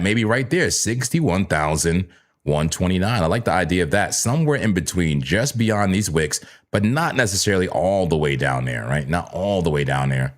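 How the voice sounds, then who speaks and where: A man hosts a live crypto chart stream from a home room crowded with screens. His voice sits fairly low but swings widely as he gets excited. He jokes and talks to himself as he goes, now and then rising into playful shouts. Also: moderate pace. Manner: animated, jokey, talks to himself and yells playfully. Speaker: crypto trading livestream host. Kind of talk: live chart analysis chat.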